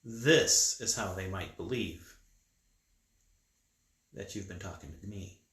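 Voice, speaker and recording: Patient coaxing god, as a storyteller puts him on, casual, roomy echo. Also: male voice, sits low, slow, fairly bright tone. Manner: casual, reassuring and playful. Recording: echoey room.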